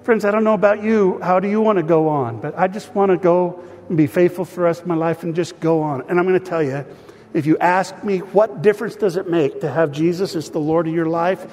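A man pastor preaches and prays before his church, earnest and still emotional. His voice sits a little high. The sound rings with the long reverb of a large hall. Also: fairly quick, a little mellow. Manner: earnest, emotional, speaks of grief and peace. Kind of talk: sermon with prayer.

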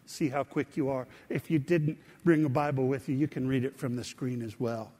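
A man's voice: mid-range voice, steady tone, normal speed, dark tone, in a large hall. A middle-aged male pastor preaching a conversational sermon, often putting questions to the congregation. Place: church sanctuary.

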